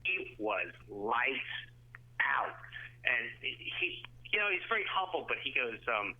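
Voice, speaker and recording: A male comedian telling stories as a guest, lively and acting out the people in them, heard over a phone line. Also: medium pitch, slow pace. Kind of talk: animated storytelling. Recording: phone-line call-in audio.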